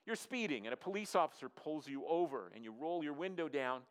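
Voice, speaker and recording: A man, a pastor, preaching a sermon in an earnest, repetitive way, dropping his voice low for emphasis and asking the congregation to answer. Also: big pitch swings, a little fast, smooth. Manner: asks the audience to respond.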